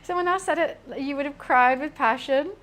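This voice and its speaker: A woman's voice: high voice, normal speed, slight background noise. Chatty British woman streaming her cooking. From United Kingdom. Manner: chatty, deadpan-sounding, reads and answers chat while cooking. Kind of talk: casual cooking stream chat.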